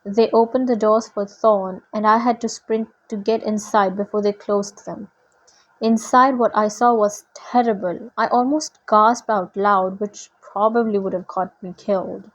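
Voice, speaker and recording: A woman reading a novel aloud in a steady, deliberate way. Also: medium pitch, rough recording. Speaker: reader.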